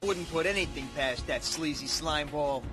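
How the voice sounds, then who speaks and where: A man's voice: fairly high pitch, moderate pace, pushed and bright. A man voicing a brash, blunt teenage boy in a cartoon dub, over soundtrack music. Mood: scornful.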